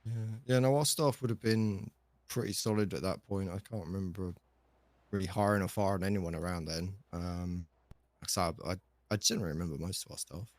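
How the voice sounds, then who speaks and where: A man's voice: sits low, a little fast, no echo, natural voice. A man playing a chatty, easygoing shop manager in a game role-play, rambling with lots of fillers. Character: laid-back male shop manager, chatty. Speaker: shop chief operating officer.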